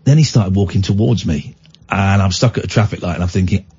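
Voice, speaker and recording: A man's voice: low voice, brisk, slightly rough. A radio phone-in host, a man, telling a story in casual talk-radio style and acting out the people in it. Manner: lively storyteller who acts out the people in his stories. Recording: dull lo-fi radio broadcast.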